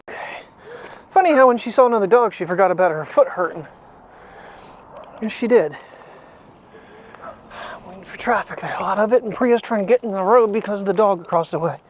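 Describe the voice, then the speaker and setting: A daily vlogger rambles chattily to the camera and his dog in casual conversation. His voice sits high and animated, moving at a moderate pace with long pauses. The lo-fi recording sounds dull, with faint noise.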